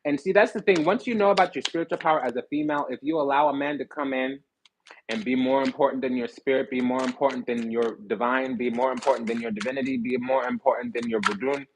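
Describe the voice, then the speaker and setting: A man giving a sassy, animated tarot reading, blunt and swearing freely. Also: medium pitch, quick pace, slight background noise, poor audio. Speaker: spiritual card reader.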